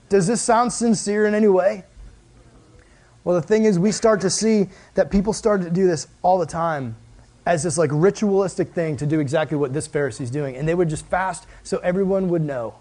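A young man preaching a casual, storytelling sermon, animated and jokey, acting out the voices of the people in his stories. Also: high-pitched, brisk.

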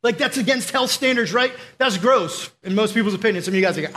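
A young man delivers a conversational sermon, full of asides to the crowd and quick quoted voices. His voice sits high for a man and carries a lot of energy. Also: sharp tone. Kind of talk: casual sermon with storytelling.

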